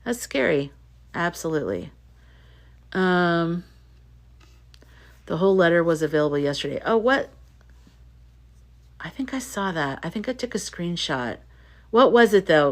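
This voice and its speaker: A woman's voice: lowish voice, animated, unhurried, pauses often. A woman hosting a casual livestream, chatting and reading viewer comments in an emphatic way, often repeating herself. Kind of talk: casual live chat.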